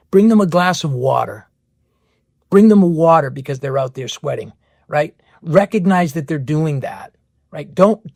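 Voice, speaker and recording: A man hosts a spiritual podcast monologue, firing off rhetorical questions and circling back to the same phrases. His voice sits high and has a gravelly edge. The sound is dry and close. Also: a little mellow, dry recording. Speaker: podcast host.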